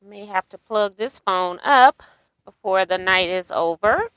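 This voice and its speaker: Woman, livestream host, chatty and rambling, bright ringing tone, dry close sound. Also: mid-range voice, measured pace, clean tone, no echo, low-quality recording. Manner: chatty, rambling, reads viewer comments aloud. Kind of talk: casual live chat.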